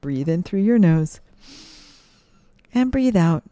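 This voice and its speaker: Slow, mellow woman guiding kids' meditation. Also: lowish voice, animated, no echo. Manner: slow, soothing, gently questioning. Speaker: mindfulness teacher for kids. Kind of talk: guided breathing meditation.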